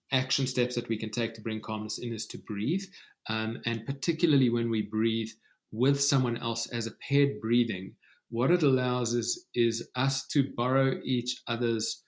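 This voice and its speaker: A man speaking as a guest author in an interview, talking softly and slowly in a soothing way, with many ums and uhs. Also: mid-range voice. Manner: soft, slow and soothing, with many fillers. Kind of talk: calm conversational interview.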